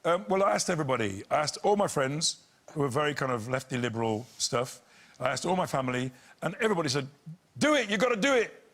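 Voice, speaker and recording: A man's voice: medium pitch, fast talker. A man, telling anecdotes on a chat show and slipping into voices. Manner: animated storyteller, slips into voices and impressions. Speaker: guest. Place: TV studio with audience.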